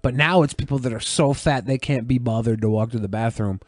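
A man's voice: medium pitch, a little fast, no echo, studio quality. A man co-hosting a podcast, telling rambling, crude stories in casual chat. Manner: rambling storyteller, crude jokes. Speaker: podcast co-host. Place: podcast studio.

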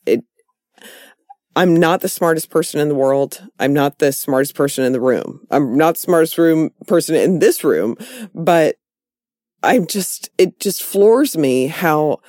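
A woman talks in a casual chat, passionate and a little breathless with restarts. Her voice sits low but swings widely in pitch. The sound is dry and close. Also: lively intonation, measured pace, a little mellow, dry recording. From Texas. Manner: passionate, rising pitch when worked up.

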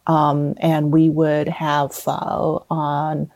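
Gravelly-voiced woman guest from Vietnam. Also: low-pitched, very slow, no echo. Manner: relaxed, explanatory, laughs often. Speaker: guest, cookbook author. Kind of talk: casual interview chat.

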